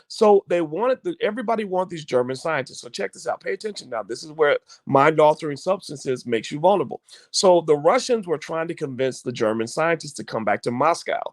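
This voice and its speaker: High-voiced man giving emphatic commentary. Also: animated, fairly quick, dry recording. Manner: emphatic, preachy, repeats words and restarts. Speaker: online show host. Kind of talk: opinionated commentary to viewers.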